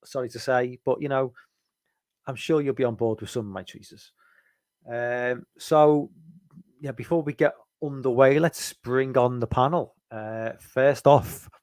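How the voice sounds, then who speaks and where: A man's voice: medium pitch, measured pace, a little mellow, no echo. Rambling man hosting a chat. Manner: rambling, many fillers and restarts. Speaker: podcast host. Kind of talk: casual chat.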